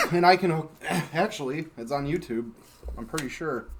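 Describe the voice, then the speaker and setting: A man's voice: on the high side, normal speed, slight background noise. A man co-hosting a podcast in casual chat, talking in a chatty, easygoing way and laughing easily. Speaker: podcast co-host.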